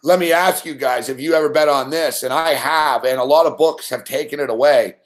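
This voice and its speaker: A man hosting a live late-night sports betting show, telling stories in a profane, animated way with mock shouted outbursts. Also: on the high side, fairly quick.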